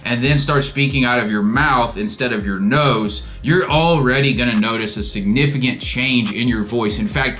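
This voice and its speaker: Chatty young man with a bright voice. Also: mid-range voice. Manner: chatty and emphatic, with frequent "like". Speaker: voice coaching vlogger. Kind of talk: casual instructional vlog.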